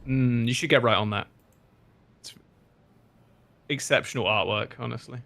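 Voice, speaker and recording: A man co-hosting a gaming stream, teasing and excitable in his reactions. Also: mid-range voice, normal speed, creaky. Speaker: stream co-host. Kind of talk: casual gaming chat.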